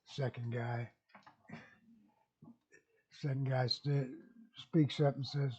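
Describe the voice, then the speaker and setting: A man's voice: mid-range voice, flat delivery, slow, long pauses, mellow, breathy edge, muffled recording. A man vlogging casually, rambling folksily and chuckling at his own jokes. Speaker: YouTube vlogger.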